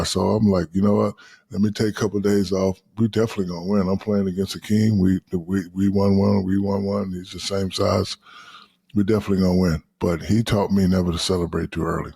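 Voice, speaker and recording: Podcast guest, man in his fifties, very low gravelly voice, loose and profane. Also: fast, no echo. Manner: profane, animated storytelling with quoted asides. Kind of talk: casual storytelling.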